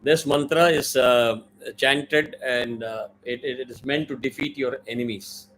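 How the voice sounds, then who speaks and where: A man's voice: mid-range voice, steady tone, measured pace, fairly bright tone, poor audio. A man teaching a mantra in an online class, with careful pronunciation drills and many fillers. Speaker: Vedic chanting teacher.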